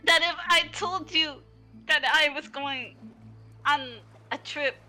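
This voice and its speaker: A woman playing a tabletop game, chatting in character with quick giggly reactions. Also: high-pitched, steady tone, sharp tone. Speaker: player.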